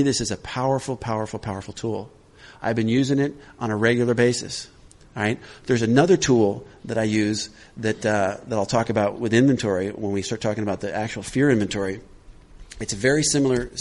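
A man leading a recovery workshop in an easygoing, conversational way. His voice sits at an ordinary middle pitch, and he keeps checking in with his listeners as he talks. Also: fairly even intonation, brisk, darkish tone. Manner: conversational, checks in with "all right?". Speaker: workshop leader.

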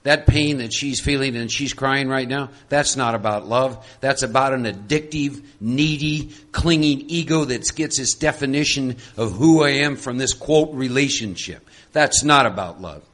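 A man leading a group workshop, animated and coaxing, often breaking into laughs. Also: mid-range voice, normal speed, few pauses. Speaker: workshop leader. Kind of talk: lively group workshop talk.

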